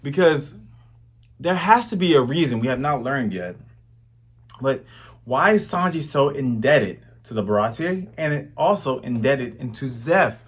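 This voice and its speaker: A man's voice: mid-range voice, expressive, measured pace, slightly rough. A man in his thirties hosting a manga review, chatty and slangy in casual commentary. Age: 30s.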